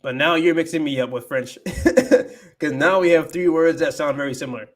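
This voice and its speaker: A man's voice: a little high, moderate pace. A man hosting a casual livestream, thinking aloud as he talks about his language learning and drops in Spanish phrases.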